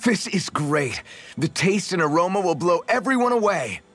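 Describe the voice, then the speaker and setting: A man's voice: sits high, very animated, moderate pace, over music. An eager young hero swordsman in a game, proud of his cooking, voice bounces all over. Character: earnest young male swordsman who loves cooking. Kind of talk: video game voice acting.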